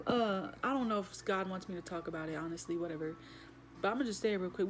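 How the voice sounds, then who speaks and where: A woman's voice: mid-range voice, quick pace, slight background noise. A woman giving a casual spoken spiritual reading straight to her viewers, earnest and emotional, rambling with lots of fillers. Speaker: spiritual message reader.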